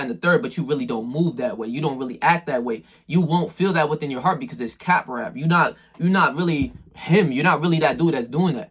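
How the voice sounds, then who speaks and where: A man's voice: mid-range voice, a bit bright, husky. A man talking straight to the viewer in a casual motivational monologue, full of slang and swearing. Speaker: self-improvement video maker.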